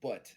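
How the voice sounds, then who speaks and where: A man voicing a proud, conflicted Klingon woman officer who speaks formally without contractions, in a tabletop role-play. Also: dark tone.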